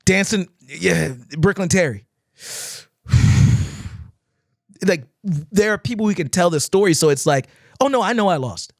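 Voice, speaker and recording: A man's voice: sits high, slow pace, vocal fry, pauses often, no echo, studio quality. A man who teaches dance, talking casually on a podcast, acting out crowds and swearing freely as he tells stories. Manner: animated storytelling, acting out crowds and shouts, swears often.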